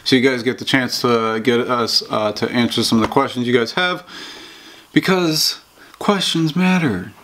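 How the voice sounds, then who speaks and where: A man's voice: medium pitch, moderate pace, a bit bright. A young man co-hosting a podcast, chiming in with short, casual remarks. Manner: short casual interjections backing up the story. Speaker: podcast co-host.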